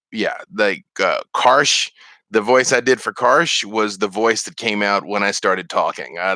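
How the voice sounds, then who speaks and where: A man's voice: on the low side, pushed and bright, dry recording. A man answering viewer questions on a casual live stream, rambling with many fillers and restarts. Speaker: streamer and game master.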